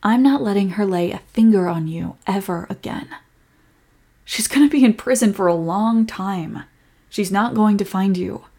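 A young woman in a whispered role-play as a comforting girlfriend, speaking softly and protectively. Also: medium pitch, normal speed. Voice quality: breathy.

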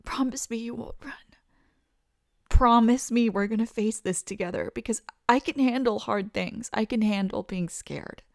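A woman's voice: mid-range voice, normal speed, creaky, few pauses, dry recording, studio quality, natural voice. A young woman voicing a pregnant best friend who confesses her love in an audio role-play, talking emotionally with stammers and laughing through tears. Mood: tender.

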